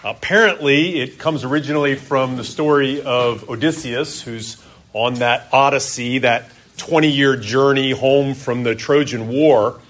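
A middle-aged man preaching a sermon as pastor, conversational, asking his listeners questions and often pausing on "uh". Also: mid-range voice, fairly bright tone. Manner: conversational, asks the congregation questions.

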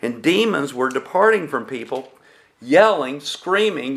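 A male pastor delivers a sermon at a very slow, measured pace in a mid-range voice. He pauses often and keeps putting rhetorical questions to his congregation. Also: mid-range voice, sing-song.

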